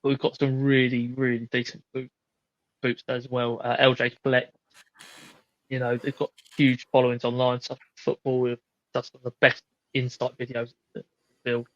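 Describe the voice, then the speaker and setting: A man's voice: mid-range voice, completely flat delivery, normal speed, fairly bright tone, no echo, lo-fi sound. A man hosting a podcast in casual chat, laid-back and freely swearing as he rambles. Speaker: podcast host.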